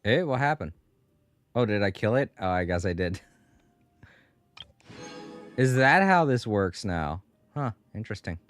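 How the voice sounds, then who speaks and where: A man's voice: on the low side, sing-song, measured pace, long pauses, fairly bright tone, faint music behind. A man from the northern United States chatting casually as he plays a video game on stream, laughing to himself and easily surprised. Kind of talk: casual gameplay commentary.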